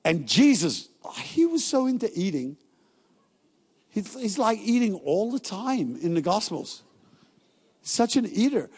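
Male pastor, fairly high voice, casual joking sermon delivery, recorded with long church-hall reverb. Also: very animated, darkish tone, slightly rough. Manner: casual, joking storytelling with quick asides.

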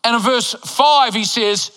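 A man's voice: very high voice, measured pace, smooth. Older kiwi-born preacher guy, emphatic and jokey, echoey church hall. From New Zealand. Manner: emphatic, animated preaching with joking asides. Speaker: pastor. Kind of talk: sermon. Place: church auditorium.

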